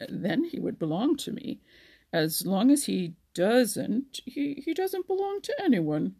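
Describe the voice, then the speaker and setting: A gentle, wise old frog who gives advice in a mild, unhurried way, as a woman reading a storybook puts him on. The voice is breathy and gravelly with a slow pace. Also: fairly high pitch, very animated, voice pushed up, exaggerated voice.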